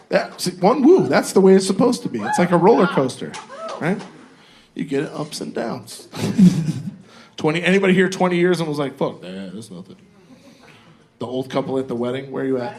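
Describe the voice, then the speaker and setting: Guy in his 40s doing stand-up at a comedy club, kinda high voice, crude and loose, riffing with the crowd. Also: a little hiss or hum. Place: comedy club stage with live audience.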